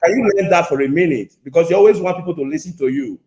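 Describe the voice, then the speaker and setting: A man's voice: fairly high pitch, fast, warm tone. A man calling in to a show with an angry complaint, repeating himself and talking over the host. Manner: repetitive, insistent, interrupting. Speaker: caller. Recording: echoey lo-fi phone call.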